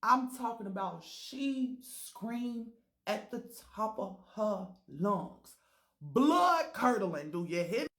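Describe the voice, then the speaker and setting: Brash woman storyteller, profane and theatrical, roomy echo. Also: on the high side. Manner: brash, profane and dramatic, with sudden loud outbursts. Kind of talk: casual storytime monologue.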